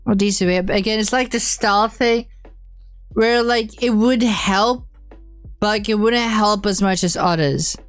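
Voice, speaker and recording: A woman's voice: medium pitch, a little slow, no room sound, faint music behind. A young woman streamer chatting casually on a live stream, blunt and teasing, swearing often.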